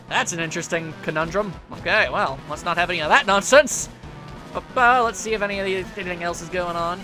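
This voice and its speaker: A man's voice: high-pitched, quick pace, pushed and bright, faint music behind. A man giving casual, joking commentary while playing a video game, rambling playfully. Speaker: let's play commentator.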